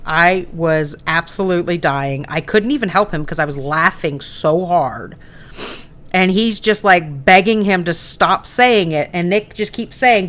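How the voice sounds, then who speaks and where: A woman's voice: fairly low pitch, measured pace, a bit bright. A woman in her forties hosting a live painting stream, chatting casually and laughing easily. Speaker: host. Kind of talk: casual chat while painting miniatures.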